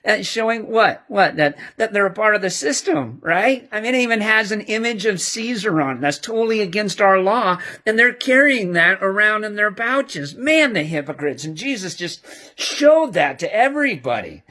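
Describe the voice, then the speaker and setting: A man playing an excitable young male disciple in a church skit, leaving a rambling, animated voicemail and chuckling as he talks. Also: sits high, normal speed. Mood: eager. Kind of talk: amateur church skit monologue.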